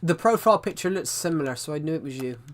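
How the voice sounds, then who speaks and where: A man's voice: on the high side, animated, fast talker. A man chatting casually on a livestream, rambling and restarting his sentences as he talks to viewers.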